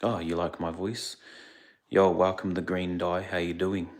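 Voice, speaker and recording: A young man from India, chatting quietly on a livestream into his phone so he won't wake the people around him. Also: sits low, level tone, unhurried. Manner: speaking quietly, hushed. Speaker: streamer. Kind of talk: casual livestream chat. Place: indoors away from home, others asleep.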